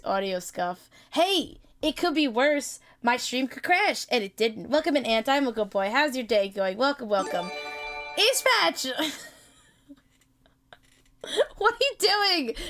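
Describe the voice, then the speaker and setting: A woman streaming live in casual chat, excitable and laughing often, with bursts of mock-outraged swearing. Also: a little high. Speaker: streamer hosting a chat with creators.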